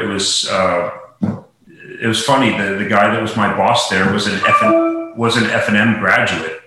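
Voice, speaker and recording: A man's voice: fairly low pitch, pushed and bright. A man from Lancaster, Pennsylvania, a golf professional telling a long casual story, rambling with lots of fillers. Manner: rambling, many "you know" fillers. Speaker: podcast guest, golf professional. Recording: very echoey room.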